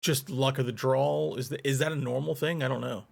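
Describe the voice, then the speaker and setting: A man's voice: mid-range voice, steady tone, brisk, gravelly. A man hosting a casual podcast, asking a guest questions and laughing easily along the way. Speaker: podcast host. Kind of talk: casual interview.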